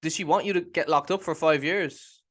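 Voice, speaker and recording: A man's voice: fairly high pitch, moderate pace, fairly bright tone, a little hiss or hum. A man hosting an interview and asking direct, probing questions.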